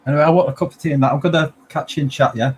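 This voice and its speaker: Man doing a rushed husky voice. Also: fairly high pitch, fairly even intonation, a little mellow, pitched above the performer's own voice. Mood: hurried.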